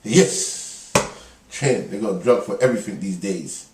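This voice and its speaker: Middle aged guy joking around in an interview, lowish voice, roomy echo, sounds a bit far off. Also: quick pace, a little mellow. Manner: laughing, joking, rambling storyteller. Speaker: interview guest. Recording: echoey room, mic far off, faint ambience.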